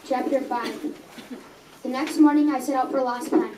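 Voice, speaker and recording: A woman's voice: high voice, steady tone, moderate pace, noisy background. A young reader reading her own story aloud in a coffee house, earnest, with small stumbles and self-corrections. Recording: echoey room, mic at a distance.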